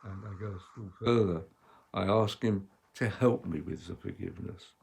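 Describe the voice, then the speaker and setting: Man giving a measured, emphatic sermon. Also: low voice, creaky, darkish tone. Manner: measured, emphatic delivery with strong dynamic swings.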